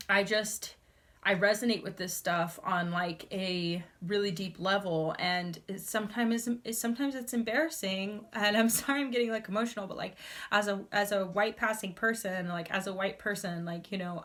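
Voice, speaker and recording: A young woman reads tarot to camera in a casual, heartfelt way. She rambles, restarts and piles on fillers, sounding moved and earnest. Her voice sits at a middle pitch. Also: fairly bright tone. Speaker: tarot reader. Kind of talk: casual tarot reading monologue.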